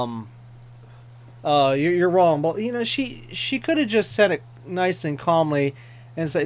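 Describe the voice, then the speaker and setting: A man's voice: high-pitched, expressive, normal speed. A man commenting on a game playthrough, ranting with exasperation and mocking the characters. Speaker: gaming channel host. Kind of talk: let's play commentary.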